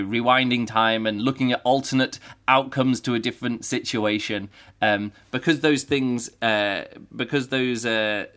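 A man with a bright, clear tone and a mid-range pitch, talking through a book on his own podcast. He rambles loosely with plenty of fillers and breaks into lively exclamations. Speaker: podcast host reviewing a book. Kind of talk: casual solo book podcast talk.

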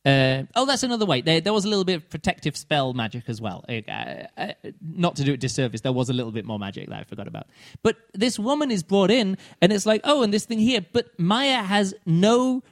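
A man with a notably high voice chats casually as a podcast co-host. His talk rambles, full of fillers, restarts and sudden mocking impressions of other people. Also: big pitch swings, fairly quick. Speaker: podcast co-host reviewing a book. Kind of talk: casual chat.

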